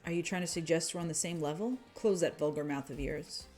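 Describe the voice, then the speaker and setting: A woman's voice: low-pitched, a little fast, darkish tone, soft background music, natural voice. A woman voicing an arrogant, condescending rich young man in a game read-through. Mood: cold, smug. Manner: condescending, clipped. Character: arrogant rich young male heir, cold.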